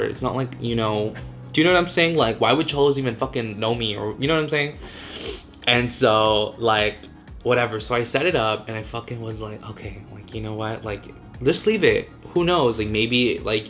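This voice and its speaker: Swearing twenty-something guy telling a story. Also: fairly low pitch. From Southern California. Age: 20s. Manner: swears constantly, fillers like "like", mixes in Spanish; animated, acts out his own reactions in quotes. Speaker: vlogger. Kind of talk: casual storytime vlog.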